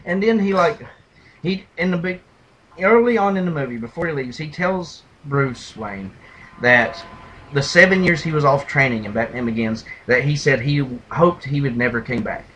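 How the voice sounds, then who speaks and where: A man chats casually on a podcast, retelling movie scenes with animated energy and breaking into loud, mocking impressions. His voice sits a touch high for a man. Faint noise hums under the recording. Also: normal speed, poor audio. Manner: animated storyteller, mimics lines in a loud gravelly shout. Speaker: podcast co-host. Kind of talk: casual movie review chat.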